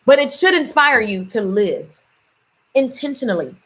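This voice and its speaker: Fairly high in pitch with big swings, her voice is fairly bright and breathy at the edges, at a moderate pace. The woman vlogs casually, mixing playful stories with motivation, laughing often and slipping into voices for quotes.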